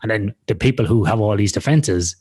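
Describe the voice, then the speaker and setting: A man's voice: lowish voice, a little fast, a little mellow, slightly rough. A man co-hosting a podcast in casual conversation, talking frankly and rambling through examples, with some swearing. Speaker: podcast co-host. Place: lives in Australia.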